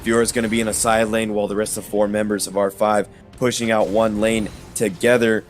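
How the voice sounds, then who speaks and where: A man giving steady, measured analysis as an esports color commentator, somewhat hoarse from losing his voice. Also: on the low side, faint music behind.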